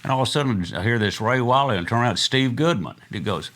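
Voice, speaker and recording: A man's voice: mid-range voice, animated, fast talker, a bit bright. An older man, telling rambling, chuckling stories as an interview guest, full of fillers. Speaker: guest musician. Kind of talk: casual storytelling interview.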